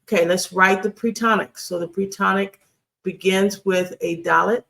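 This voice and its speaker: A Hebrew grammar instructor teaching a screen-share lesson, deliberate and repeating key phrases with frequent ums. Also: mid-range voice, fairly even intonation, gravelly, pushed and bright.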